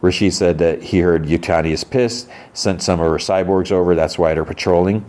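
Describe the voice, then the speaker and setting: A man's voice: deep voice, steady tone, brisk, a little mellow. A man hosting a podcast, casually recapping a TV episode and retelling scenes with characters' lines. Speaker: podcast host.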